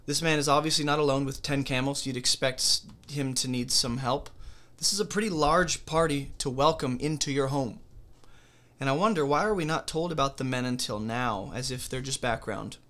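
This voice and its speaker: A man's voice: medium pitch, normal speed, pushed and bright. A man leading a conversational Bible study, reading scripture aloud and then explaining it casually, often checking in with the listener. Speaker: Bible teacher.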